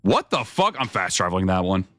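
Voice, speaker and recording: A man's voice: sits low, very animated, fairly quick, fairly bright tone, soft background music. A young man streaming a video game, chatting casually with his viewers, swearing often and rambling between thoughts. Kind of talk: casual gameplay commentary.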